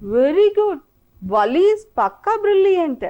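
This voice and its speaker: A woman teacher with an Indian English accent, slowly drilling children through an English lesson with repeated prompts. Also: high-pitched, big pitch swings, dark tone, low-quality recording. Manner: slow, repetitive, coaxing drill-style prompting. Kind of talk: televised classroom English lesson.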